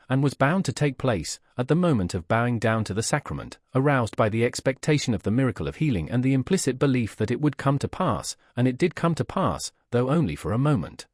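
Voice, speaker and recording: Expressive male audiobook narrator. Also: mid-range voice, no echo, clean studio sound. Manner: measured, expressive storytelling. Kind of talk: scripted narration of a classic novel.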